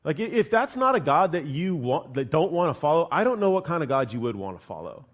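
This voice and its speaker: A man's voice: on the high side, very animated, brisk. A man preaching a sermon as lead pastor in a church, talking in a loose, conversational way and often checking in with "right?". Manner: conversational, repeats "right?" and starts words twice. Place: church sanctuary.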